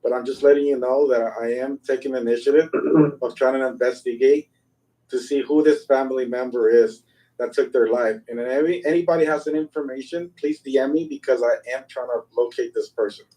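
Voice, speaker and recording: A man's voice: mid-range voice, fairly even intonation, a little fast, mellow, distant mic, low-quality recording. A man in an online voice chat, speaking earnestly and apologizing. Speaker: Twitter space participant. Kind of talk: group voice chat.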